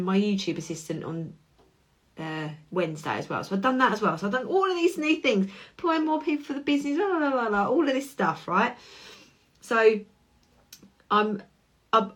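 A woman's voice: medium pitch, a bit bright. A woman, hosting a solo podcast in a candid, chatty way, swearing now and then. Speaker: podcast host and coach. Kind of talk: casual solo podcast talk.

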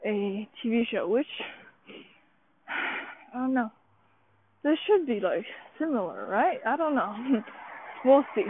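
A vlogger talking casually while walking uphill outdoors, out of breath and rambling with many fillers and restarts. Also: mid-range voice. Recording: tinny phone-like sound with faint outdoor noise.

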